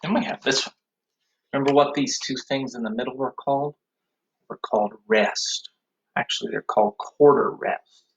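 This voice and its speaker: A man's voice: mid-range voice, normal speed, creaky, rough recording. A man teaching an online music class for young children, with sing-song call-and-response. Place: home room, recording to a computer.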